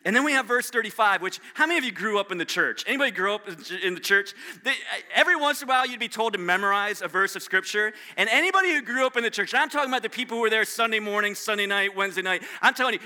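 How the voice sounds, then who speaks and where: High, bright-voiced male pastor preaching. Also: expressive, fast, hardly any pauses. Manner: conversational, self-deprecating, with frequent restarts. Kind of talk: sermon.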